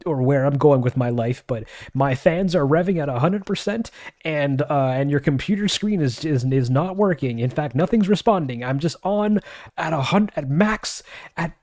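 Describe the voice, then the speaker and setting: A man's voice: on the high side, lively intonation, normal speed, darkish tone, lightly acted. A man voicing a panicking, overheating home computer that sounds desperate and strained. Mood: strained panic. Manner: frantic, rising to a strained scream.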